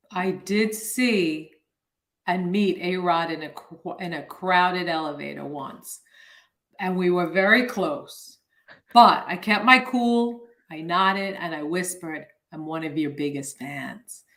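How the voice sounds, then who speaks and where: A woman's voice: lowish voice, takes it slowly, fairly bright tone, roomy sound. A middle-aged woman co-hosting a podcast, chatting casually with dry, laid-back humor. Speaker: podcast co-host. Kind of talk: casual chat.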